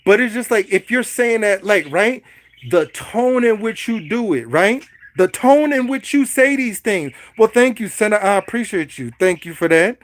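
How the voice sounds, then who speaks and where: A man's voice: sits high, expressive, moderate pace, slight background noise. A man hosting a casual livestream, speaking in a preachy, repetitive way and addressing his viewers directly. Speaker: livestream host. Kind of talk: casual livestream talk to chat.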